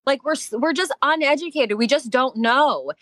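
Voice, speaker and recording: A woman's voice: high voice, moderate pace, fairly bright tone, no echo. A woman talking emphatically in a casual podcast chat, swearing now and then and laughing as she speaks.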